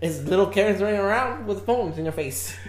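A woman chatting loosely as a podcast co-host, rambling and dropping "dude" into most sentences, laughing easily. Her pitch moves a lot, and the room adds a clear echo. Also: expressive, brisk, a little mellow. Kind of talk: casual chat. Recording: echoey room.

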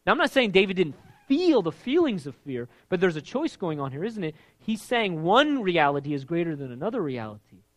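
A man preaching a sermon with a high voice that climbs as he gets fired up. He is emphatic and animated and sounds middle-aged. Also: fairly quick. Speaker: pastor.

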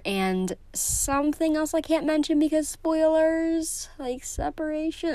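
A woman's voice: sits high, measured pace, a little mellow, dry recording. Gushing teenage girl, dry sound. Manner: gushing and emotional, many fillers. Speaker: book vlogger. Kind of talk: casual vlog chat.

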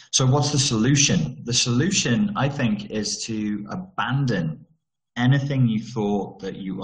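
A man's voice: deep voice, echoey room, poor audio. A man talking frankly over a video call about trauma recovery, digressing and restarting his sentences. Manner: candid and digressive, with frequent restarts.

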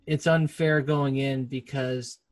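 A man co-hosting a podcast in casual chat who talks excitably, rambles and laughs often. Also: medium pitch, slow pace. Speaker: podcast co-host.

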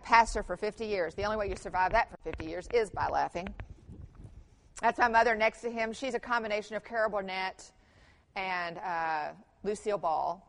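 A middle-aged woman giving a conference workshop talk, telling family stories with humor and lively emphasis. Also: fairly high pitch. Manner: animated storytelling with humor, mixes in quoted voices. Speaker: conference speaker.

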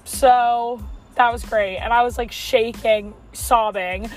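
A woman's voice: on the high side, fairly even intonation, soft background music. A young woman in her car telling a story to her phone in a chatty vlog, with lots of "like". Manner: chatty, fast, heavy use of "like". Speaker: vlogger.

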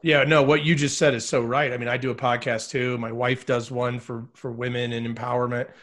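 A man's voice: mid-range voice, a little fast. Emphatic man talking as a podcast guest. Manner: animated and emphatic, with rhetorical questions. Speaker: podcast guest, speaker and author. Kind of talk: casual interview chat.

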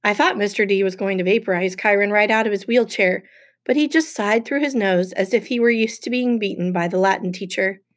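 A woman narrating a first-person novel in a steady storytelling voice. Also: mid-range voice, fairly quick. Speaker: audiobook narrator.

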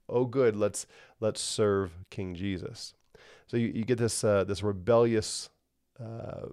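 A man teaching a Bible lesson with a low, gravelly voice. He talks conversationally and keeps checking in with "right?", and the dry, close sound carries no room echo. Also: darkish tone.

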